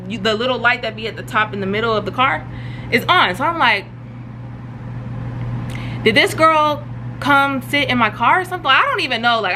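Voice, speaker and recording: A young adult woman vlogger telling a storytime in an animated, slangy way, full of fillers. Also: on the high side, slight background noise. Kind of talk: storytime vlog.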